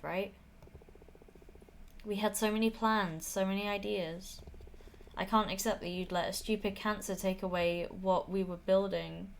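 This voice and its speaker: A woman's voice: mid-range voice, a little hiss or hum, lightly acted. A woman voicing a grieving young witch at her grandmother's funeral, pleading and defiant, in a game played aloud.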